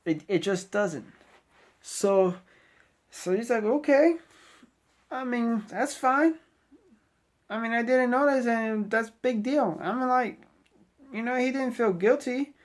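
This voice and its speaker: A man's voice: very high voice, slow pace, long pauses. A middle-aged man, a Navy sailor, giving a casual motivational talk to the camera, preachy and rambling with lots of "you know" asides. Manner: preachy, exhorting the viewer directly.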